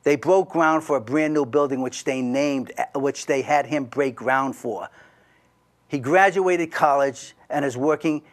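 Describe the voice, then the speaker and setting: A man's voice: mid-range voice, measured pace. Rambling middle-aged man telling a story. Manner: rambling, restarts, asides to the listener, quoting others. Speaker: podcast guest telling a personal story. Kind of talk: casual storytelling.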